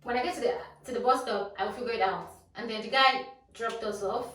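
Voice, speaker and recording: Young woman, Nigerian accent, storytime vlog, animated, slightly high voice, very echoey room, faint music. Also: a little fast, recorded from a distance. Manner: lively, animated storytelling with Nigerian Pidgin phrases. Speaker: vlogger. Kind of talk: casual storytime.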